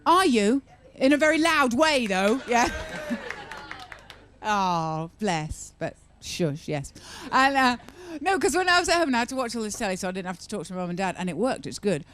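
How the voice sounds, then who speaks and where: Female stand-up comic, chatty and sarcastic, animated delivery. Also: fairly high pitch, moderate pace, slight background noise. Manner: chatty, teasing the crowd, sarcastic asides. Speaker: stand-up comedian. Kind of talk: stand-up comedy set. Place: live comedy venue with audience.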